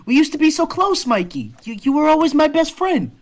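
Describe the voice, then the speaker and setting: A man's voice: extremely high pitch, huge pitch swings, brisk, pitched above the performer's own voice, heavily acted. A man voicing a clingy, emotional young woman in a tabletop game, pleading with an old friend.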